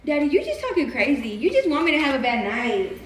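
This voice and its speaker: A woman's voice: high voice, big pitch swings, a little fast. A woman making a public marriage proposal, pleading and repeating the same pet name again and again. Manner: pleading, repeats "baby daddy" over and over. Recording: echoey and distant, faint noise.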